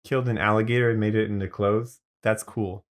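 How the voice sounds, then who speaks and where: A man co-hosting a podcast, reacting to a story with quick jokes and playful teasing. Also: lowish voice, fairly even intonation. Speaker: podcast co-host. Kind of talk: casual chat, joking reactions.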